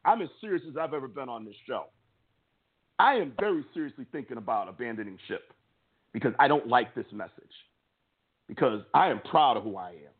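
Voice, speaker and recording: Man, sports podcast co-host, impassioned rant, husky voice, stammering restarts, phone-like audio. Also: mid-range voice, animated, fairly quick. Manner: heated, emphatic, stammers on restarts.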